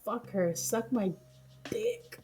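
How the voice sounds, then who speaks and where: A woman's voice: a little high, wildly swooping pitch, slow, vocal fry, warm tone, soft background music. A woman streamer reacting to news stories live, ranting heatedly with lots of swearing and laughter, over choppy stream audio.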